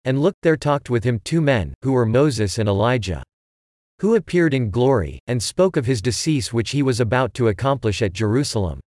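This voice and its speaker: A man giving a measured, even reading of scripture. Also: medium pitch, no echo, clean studio sound. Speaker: scripture reader.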